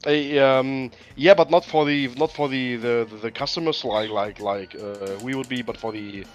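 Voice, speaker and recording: A man's voice: medium pitch, moderate pace. A man chats casually, laughing often and tripping over his words as he explains. His voice sits in a middle register. The sound is a little dull and lo-fi, with faint music behind. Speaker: guest on a hobby stream. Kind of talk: casual chat.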